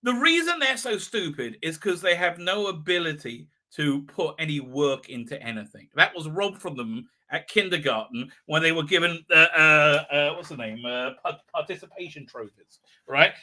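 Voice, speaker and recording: A man's voice: on the high side, animated, normal speed, bright, forceful tone. A man hosting a livestream, giving a rambling, sarcastic commentary, full of fillers and restarts. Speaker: livestream host reviewing a TV episode.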